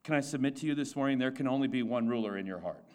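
A man's voice: medium pitch, animated, very fast, a little mellow. A male pastor preaching a sermon to his congregation, asking rhetorical questions, repeating his points and restarting phrases as he goes.

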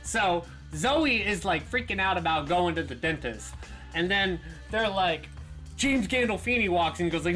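A man's voice: sits high, moderate pace, faint music behind. A man co-hosting a podcast, telling stories in casual banter. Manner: storytelling, animated. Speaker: podcast co-host.

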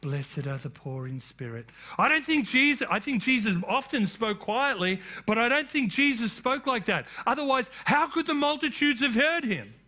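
Male pastor, high and bright, preaches with emphatic rising declarations. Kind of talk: sermon.

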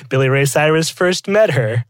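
A man's voice: on the high side, lively intonation, unhurried, clear, resonant tone, no echo. A man co-hosting a casual podcast chat, laughing often and swearing casually. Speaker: podcast co-host.

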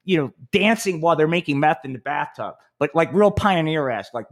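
A man hosting a podcast, riffing in a rambling, profane, animated way. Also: fairly high pitch, a little fast. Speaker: podcast host.

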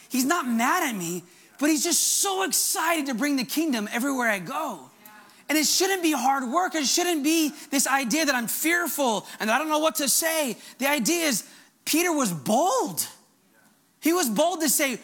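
A male pastor preaching a fervent, animated sermon. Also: very high-pitched, moderate pace.

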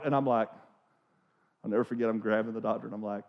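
Animated storytelling pastor, dull audio. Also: male voice, mid-range voice, quick pace. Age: 40s. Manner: animated, conversational storytelling with restarts. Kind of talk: sermon. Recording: dull lo-fi recording.

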